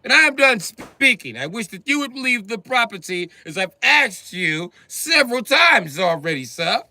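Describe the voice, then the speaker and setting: Man doing a high, shouting, stuffy little castle lord; indignant and formal. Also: sing-song, normal speed, dry recording, full character voice. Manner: stiffly formal, shouting orders. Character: indignant pompous small man defending his castle.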